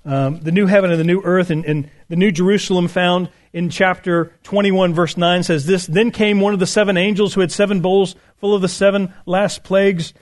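Pastor, man with a high voice, preaching in an easy conversational way, reading and unpacking scripture. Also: steady tone, normal speed, hardly any pauses. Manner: conversational, with fillers and restarts. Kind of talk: sermon.

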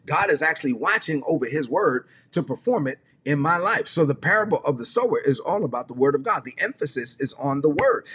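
A man's voice: on the high side, a bit bright, husky. A man preaching a livestreamed teaching sermon, emphatic and conversational, repeating his key phrases.

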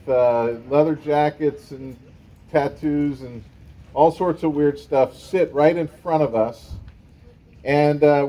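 Mellow-voiced pastor telling a story. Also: male voice, fairly high pitch, poor audio. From San Francisco Bay Area. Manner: conversational storytelling with fillers. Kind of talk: sermon with personal story.

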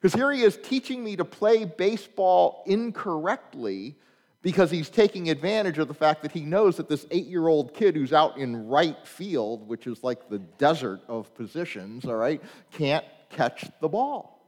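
A pastor preaches in an easy, conversational way, tossing quick check-ins to the congregation and slipping into funny stories. His voice sits a little high and swings widely in pitch. The sound rings with a long reverb, as in a large sanctuary. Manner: animated storyteller with humorous anecdotes. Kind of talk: sermon.

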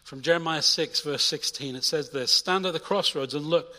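A young man delivers a sermon from the pulpit in a slightly high, bright voice. He moves between loud, rousing appeals and soft, close asides to the congregation. His voice rings through a large church hall with a long echo. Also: moderate pace. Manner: energetic, swings between loud urging and quiet intimate asides. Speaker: pastor.

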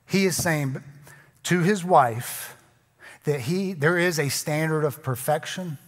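A man's voice: a little high, takes it slowly. A man preaching a sermon as a pastor, in a conversational, joking, self-deprecating way. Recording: long hall reverb.

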